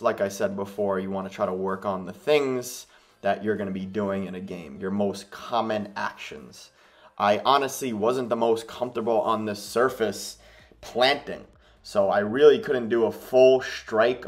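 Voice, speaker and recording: Laid-back young man vlogging. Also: fairly low pitch. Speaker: vlogger and soccer player. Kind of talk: casual vlog talk. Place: home, Sweden.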